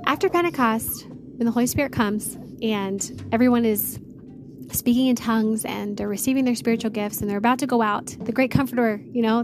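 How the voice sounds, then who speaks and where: Woman faith podcast host, slightly high voice, eager casual chat and prayer, music bed. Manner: excited, gushing, addresses listeners as "you guys".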